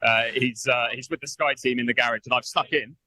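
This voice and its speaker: A man's voice: medium pitch, steady tone, a little fast, sharp tone, dry recording, rough recording. A man reporting live from the pit lane for a radio show, chatty and hesitant, with many fillers.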